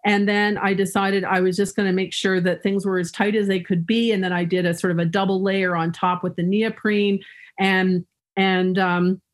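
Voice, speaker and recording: A woman's voice: mid-range voice, little pitch movement, normal speed. A woman guest in an interview, telling personal stories in an upbeat, humorous way and often laughing. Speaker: guest speaker. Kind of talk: storytelling in an interview.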